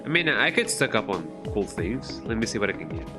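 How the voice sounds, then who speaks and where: A man's voice: fairly low pitch, very animated, a little fast. Rambling male game streamer. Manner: rambling, many restarts. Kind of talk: casual live-stream commentary. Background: game music.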